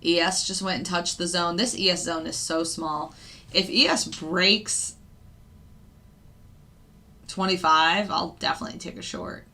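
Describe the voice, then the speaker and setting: A woman's voice: on the low side, steady tone, a little slow, pauses often, bright, forceful tone. A woman trader giving casual live commentary on the markets, thinking aloud with fillers and the odd laugh. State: hiccups. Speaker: futures day trader and channel host.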